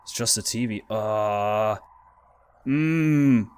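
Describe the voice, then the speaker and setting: Scared man slowly playing horror game. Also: medium pitch. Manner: frightened, pleading, talks to the game. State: scared, shaky. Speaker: gaming YouTuber. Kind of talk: horror game let's play commentary.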